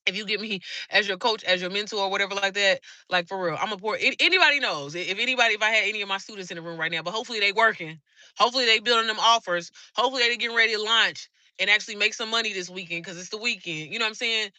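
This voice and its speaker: A woman's voice: medium pitch, very fast, sharp tone, no room sound. A woman coach talking to viewers on a live stream, fired up, blunt and full of swearing. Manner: fired-up, blunt and heavily profane. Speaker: online business coach.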